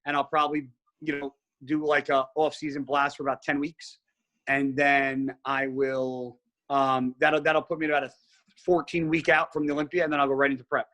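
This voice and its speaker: A man talking casually on a podcast as a guest, telling stories in an animated way and swearing often. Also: a little high, normal speed. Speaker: guest bodybuilder.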